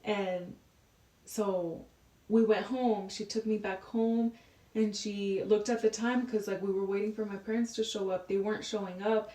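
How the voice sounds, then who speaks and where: A woman's voice: mid-range voice, fairly even intonation, a little slow, warm tone. A woman in her twenties, a podcast guest, telling a personal story in a casual, chatty way with a lot of "like" fillers. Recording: roomy echo, distant from the mic.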